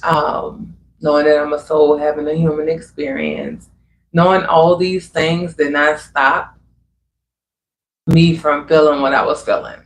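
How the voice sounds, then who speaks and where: A man's voice: on the high side, steady tone, a little slow, a little hiss or hum. A man hosting a livestream, talking earnestly and conversationally about spiritual growth, often adding "you know what I'm saying". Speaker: livestream host. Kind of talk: reflective spiritual talk. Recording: echoey room with faint ambience.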